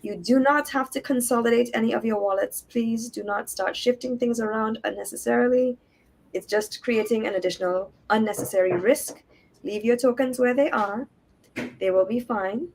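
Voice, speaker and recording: Calm, slightly higher-voiced woman guest. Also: normal speed, gravelly, slight background noise, poor audio. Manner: calm, earnest cautionary advice. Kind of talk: casual chat.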